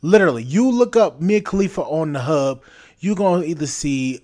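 A man's voice: on the high side, animated, moderate pace, a little mellow. A man hosting a podcast, delivering a blunt, repetitive, scolding opinion rant. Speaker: podcast host.

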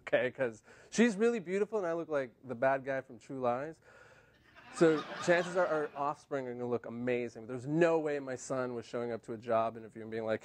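A man in his thirties doing a stand-up comedy set on a TV studio stage, deadpan and self-mocking. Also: mid-range voice, brisk, a little hiss or hum. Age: 30s. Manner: deadpan, self-mocking punchlines with put-on quoted voices.

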